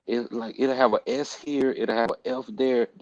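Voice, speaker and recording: A man's voice: medium pitch, fairly even intonation, normal speed, no room sound, dull audio. A man hosting a casual group talk, speaking emphatically and repeating words for stress, with casual slang and profanity. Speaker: podcast host.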